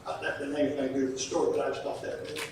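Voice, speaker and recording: A man's voice: mid-range voice, little pitch movement, very fast, gravelly, noisy background. A man with a Southern American accent preaching a sermon, retelling a letter in an earnest, folksy way. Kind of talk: sermon storytelling. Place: church sanctuary. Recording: very echoey church hall from a distance.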